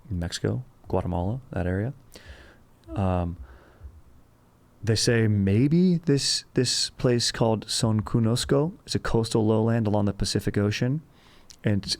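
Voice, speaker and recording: A man's voice: on the low side, creaky, darkish tone. A man hosting a history podcast in a loose, jokey way, full of fillers and crude asides. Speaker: podcast host. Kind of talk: casual history podcast chat.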